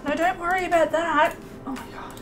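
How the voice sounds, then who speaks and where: A young woman casually commentating her life-sim gameplay, excitable and chatty, voicing her characters in quick asides. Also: very high voice, over music. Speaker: let's play host.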